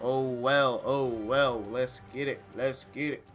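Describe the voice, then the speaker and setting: A man giving live commentary while playing a shooter game, excitable and taunting the opponents as he plays. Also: mid-range voice, slow pace, faint music behind. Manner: trash-talking, excitable, talks to opponents. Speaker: gamer. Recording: loud game gunfire behind voice. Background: game gunfire and effects.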